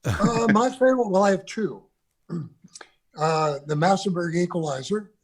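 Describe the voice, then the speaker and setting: A man's voice: sits high, animated, a little slow, slightly rough. An older man, a guest on a video call interview, reminiscing about recording sessions with loose restarts. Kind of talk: conversational interview.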